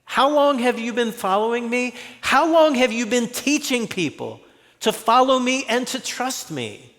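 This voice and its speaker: A man voicing Jesus as a gently exasperated teacher asking a follower pointed rhetorical questions. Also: extremely high pitch, expressive, a little slow, in a large hall, voice pushed up, exaggerated voice. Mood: chiding.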